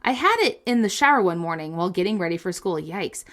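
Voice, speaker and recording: A woman's voice: on the low side, animated, fast, fairly bright tone. A woman co-hosting a casual podcast, reading listener stories aloud with playful comic asides and frequent laughter.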